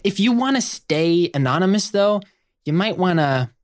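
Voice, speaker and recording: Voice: medium pitch, animated, normal speed, no echo, clean studio sound, voice pushed up, natural voice. A player voicing a small robot spider girl who talks in an offhand, teasing way.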